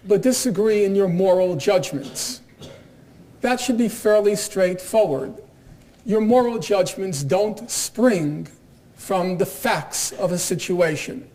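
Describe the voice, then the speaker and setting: High-pitched man giving a sardonic lecture. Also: a little mellow. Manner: measured, deliberate, dryly sardonic. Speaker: guest lecturer. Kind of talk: university lecture. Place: university lecture room.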